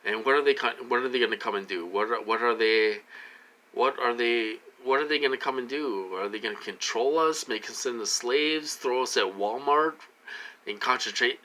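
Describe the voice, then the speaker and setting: A man rambling in a repetitive monologue to camera, full of restarts, slightly tipsy from a drink, swinging from loud outbursts to low muttering. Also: normal speed. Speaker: vlogger.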